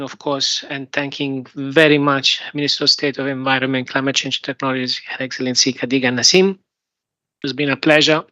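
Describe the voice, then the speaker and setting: A man with an Italian accent giving formal closing remarks at a workshop, halting often with fillers and restarts. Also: medium pitch, bright, forceful tone, no room sound, muffled recording.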